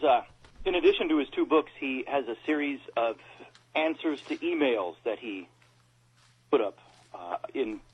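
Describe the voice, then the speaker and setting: A man co-hosting a casual talk radio discussion, who pauses and repeats words as he talks. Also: medium pitch, slightly rough. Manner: reads quotes aloud, pauses and repeats words. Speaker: co-host. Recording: dull lo-fi radio audio.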